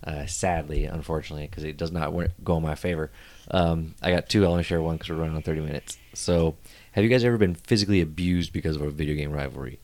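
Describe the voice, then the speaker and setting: A young adult man with a rumbling low voice talks at a quick pace as he hosts a casual podcast chat. He's an animated storyteller who laughs often while spinning his tales.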